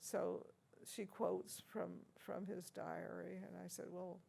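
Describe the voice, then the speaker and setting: A woman's voice: on the low side, flat delivery, slow, gravelly, warm tone, breathy edge. An older American woman being interviewed as an organist and teacher, telling stories in a chuckling, anecdotal way with many hesitant restarts. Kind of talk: reminiscing interview talk.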